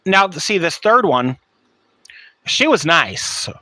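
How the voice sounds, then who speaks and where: A man tells a rambling personal story on his podcast, blunt and profane. His voice is bright and a little high for a man, and he takes his time. The recording is dry and close to the mic. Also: sing-song, takes it slowly, dry recording. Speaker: podcast host. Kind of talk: casual storytelling monologue.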